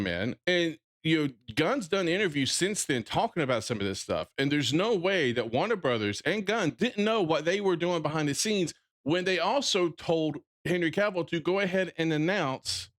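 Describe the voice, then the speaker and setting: Southern man with a lively drawl. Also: on the high side. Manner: blunt, profane, restarts often. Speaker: streamer. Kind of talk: casual livestream rant.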